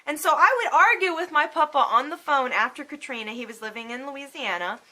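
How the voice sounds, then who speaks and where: A woman in her thirties tells her own story straight to the camera, casual and heartfelt, swearing without a second thought. Her voice sits fairly high and bright, with lively rises and falls in pitch. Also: a little fast. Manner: emotional, swears freely, animated. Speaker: vlogger.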